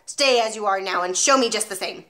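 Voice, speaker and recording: A woman's voice: mid-range voice, fairly quick, bright, forceful tone, lightly acted. A woman reading aloud and voicing a huge, brutal headmistress who bellows, snaps and sneers at children. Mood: scornful. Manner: bellowing, snapping, scornful.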